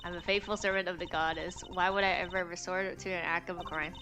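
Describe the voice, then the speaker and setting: A woman's voice: fairly low pitch, level tone, fast, natural voice. A woman reading out a smug female committee member under suspicion, with a haughty, self-assured delivery, over background music.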